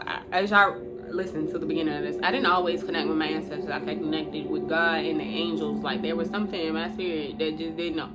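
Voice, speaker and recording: A woman giving a casual spiritual talk to her viewers. She is chatty, calls them y'all and laughs often. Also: lowish voice. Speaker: intuitive spiritual reader. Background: music.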